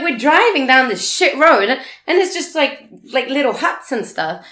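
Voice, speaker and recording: A woman telling a story casually, animated, swearing and laughing often. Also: high-pitched, a little slow, roomy sound. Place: living in a big city abroad.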